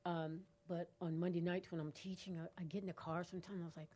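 A woman's voice: fairly low pitch, flat delivery, fast talker, dark tone. A woman co-hosting a call-in radio show, bubbly and laughing often, speaking into a studio microphone. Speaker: radio co-host.

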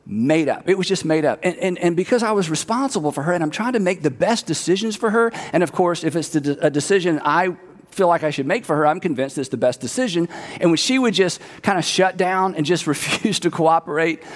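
High-voiced man preaching in a hall. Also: fairly quick. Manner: conversational, repeats words for emphasis. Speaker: pastor. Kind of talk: sermon.

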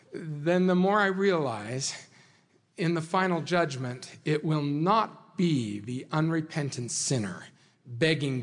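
A man delivering a sermon to a congregation, earnest and measured, with dramatic slow pauses. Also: on the high side. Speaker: speaker addressing a congregation. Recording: hall reverb.

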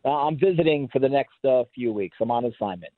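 A man with an American accent calling in to a sports radio show, rambling and halting with many restarts. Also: mid-range voice, expressive. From England. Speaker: caller. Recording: tinny phone line.

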